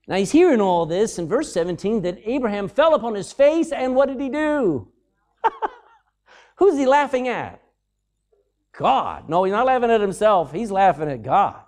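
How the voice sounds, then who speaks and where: Animated preacher man with lively pitch. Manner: animated, reads scripture aloud with sudden loud and soft swings. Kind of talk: sermon.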